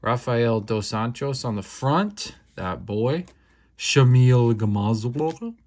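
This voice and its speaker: Young man, casual slangy host, mid-pitched voice, easygoing unboxing chatter. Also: takes it slowly, breathy edge. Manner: laid-back, slangy, excitable reactions. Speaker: card-opening channel host.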